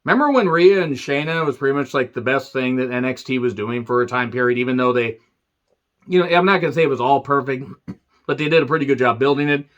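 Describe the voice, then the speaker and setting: A man's voice: mid-range voice, quick pace, a bit bright, highs cut off. A man in his thirties reviewing a wrestling show in a sarcastic, profane solo rant.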